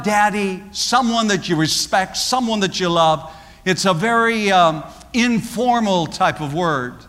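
High-voiced preacher in a reverberant hall. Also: male voice, a bit bright. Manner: preaching with emphatic repetition. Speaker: pastor. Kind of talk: sermon.

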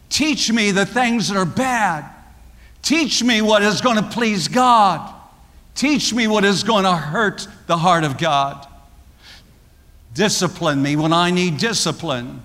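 A man's voice: high voice, fairly bright tone, big-room sound. A man preaching a sermon, building his points through emphatic, repeated phrases. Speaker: pastor.

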